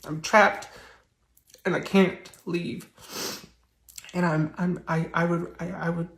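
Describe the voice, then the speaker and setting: A man telling a personal story on a confessional livestream, soft-spoken and halting with many restarts. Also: sits high, flat delivery, vocal fry, reverberant. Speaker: network marketing recruiter.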